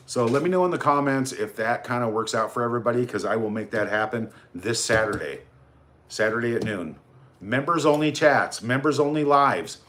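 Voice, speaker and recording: A man's voice: medium pitch, a bit bright. Chatty man hosting a livestream. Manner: chatty, rambling, greets viewers by name. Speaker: livestream host. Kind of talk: casual livestream chat, reading out viewer comments.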